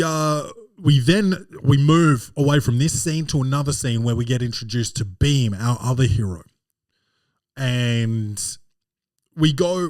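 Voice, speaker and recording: A man hosts a podcast and recaps a film for laughs, animated and full of swearing. His voice sits at a middle pitch. The sound is dry and close, with no room echo. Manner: animated, profane storytelling. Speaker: podcast host.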